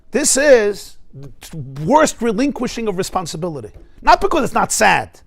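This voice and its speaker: A man teaching a Torah class, emphatic and lively, weaving Hebrew quotations into his talk. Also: extremely high pitch. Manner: emphatic, mixes Hebrew and Yiddish terms into English, acts out voices.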